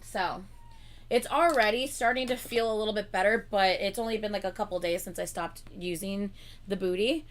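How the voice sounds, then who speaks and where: A woman's voice: medium pitch, normal speed, a little hiss or hum. A young woman co-hosting a livestream, chatting casually and rambling with lots of filler words. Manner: rambling, lots of "like" fillers, laughs between lines. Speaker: livestream co-host.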